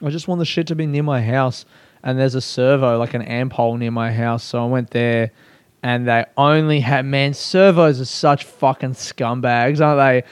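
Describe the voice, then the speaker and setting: A man's voice: mid-range voice, normal speed, smooth, no room sound. A young Australian man doing a rambling, profane, self-mocking comic monologue in casual chat. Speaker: comedian.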